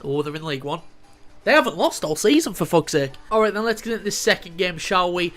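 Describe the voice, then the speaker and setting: Excitable young man commentating gameplay. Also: high voice, quick pace, faint music behind. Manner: excitable, swears, commentates play-by-play. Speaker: gaming YouTuber. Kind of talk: casual football game commentary.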